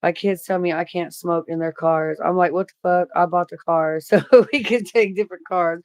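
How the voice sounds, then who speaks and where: A middle-aged woman with a voice on the low side reads out her livestream chat, chatting bluntly and cursing freely. She keeps a moderate pace with few pauses and fairly even intonation, and the recording is dry.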